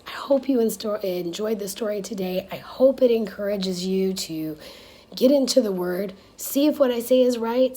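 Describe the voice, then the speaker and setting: A woman's voice: lowish voice, mellow, a little hiss or hum. Chatty woman retelling a Bible story. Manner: slangy and chatty, dropping to a whisper for asides.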